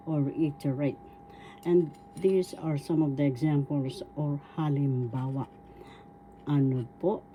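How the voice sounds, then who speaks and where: A middle-aged woman gives a patient language lesson at home, her voice still husky and low from a recent cold. She speaks very slowly, sounding out each syllable in a deeply dark, mellow tone. A faint background hiss sits under her words. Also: low-quality recording. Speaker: language teacher. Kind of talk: slow spoken language lesson. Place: at home indoors, diffuser running.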